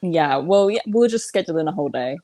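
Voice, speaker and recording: A woman's voice: low-pitched, expressive, fast, dark tone. A young British woman, a professional wrestler, chatting casually as a guest in a joking, self-mocking way. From Britain. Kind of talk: casual chat.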